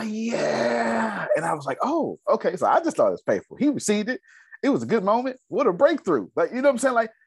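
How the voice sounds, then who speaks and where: Lively, laughing male coach. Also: mid-range voice, breathy edge, no echo. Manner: lively, playful, laughs often. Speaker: host of a finance coaching call. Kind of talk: coaching group discussion.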